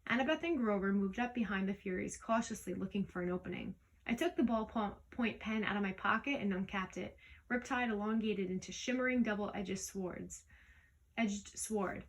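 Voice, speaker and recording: A woman reading a storybook aloud in the first person, lively, with small slips that she corrects as she goes. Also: mid-range voice, normal speed, rough recording. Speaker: audiobook reader. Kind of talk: storybook read-aloud narration.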